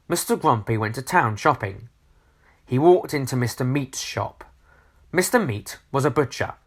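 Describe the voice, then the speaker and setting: A man reading a children's storybook aloud, expressive, asking the listener questions. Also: mid-range voice, normal speed.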